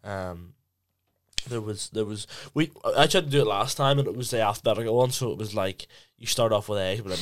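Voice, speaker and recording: A man's voice: on the low side, brisk. A man co-hosting a podcast, chatting in a laid-back, joking way that often trails off. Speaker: podcast co-host. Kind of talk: casual podcast chat.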